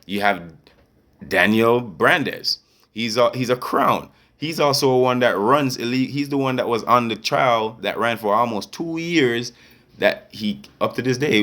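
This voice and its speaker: A man's voice: lowish voice, fairly bright tone. A man in an angry, confrontational rant to camera as a vlogger, repeatedly checking that listeners follow him. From Canada. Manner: confrontational, repeats "you get me".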